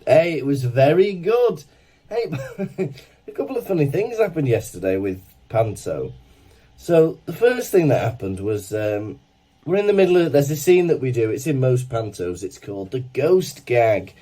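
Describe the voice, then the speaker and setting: A man, co-hosting a podcast and telling a lively anecdote in casual chat. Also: mid-range voice, normal speed. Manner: animated anecdote-telling with laughs and acted quotes. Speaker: podcast co-host.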